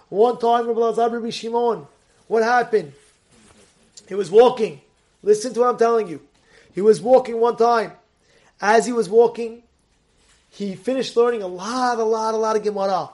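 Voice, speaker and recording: Animated high-voiced man telling a Torah story. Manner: animated, acts out the story's voices, swings from loud to hushed. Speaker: rabbi.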